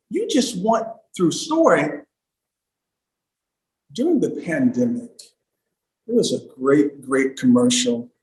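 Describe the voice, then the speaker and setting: A man giving an emphatic livestream talk as a storytelling coach, swinging from loud bursts to hushed asides. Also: high-pitched, reverberant, rough recording.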